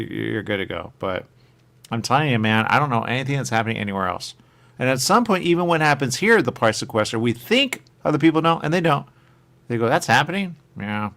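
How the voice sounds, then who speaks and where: A man's voice: mid-range voice, gravelly, fairly bright tone. A man hosting a radio show, rambling in casual chat, trailing off and coming back to the same stock phrases. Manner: rambling, trails off, repeats "there you go".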